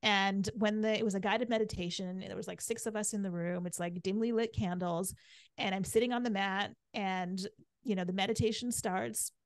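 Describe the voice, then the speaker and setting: A woman's voice: mid-range voice, fairly even intonation, normal speed, no room sound. Middle-aged female podcast guest; candid, chatty storyteller; dry, close mic. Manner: chatty, frequent "right?" and "like".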